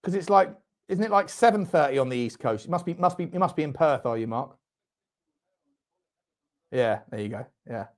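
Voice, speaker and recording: A fairly high-voiced man hosts a football watchalong. He chats loosely with viewers, reads out their comments and swings into loud, excited shouts at the referee and near misses. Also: moderate pace, pauses often. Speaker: fan watchalong host.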